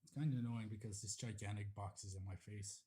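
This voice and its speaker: A man's voice: lowish voice, steady tone, fast, mellow. A man hosting a casual livestream at home on a desktop USB microphone, chatty and a little apologetic about the sound. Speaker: livestream host.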